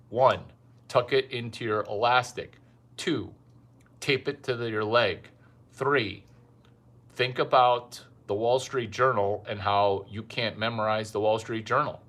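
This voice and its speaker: A man's voice: fairly low pitch, steady tone, a little slow, fairly bright tone. A man delivering a rambling, provocative comic monologue with brash, repetitive phrasing. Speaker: self-styled dating advice comedian.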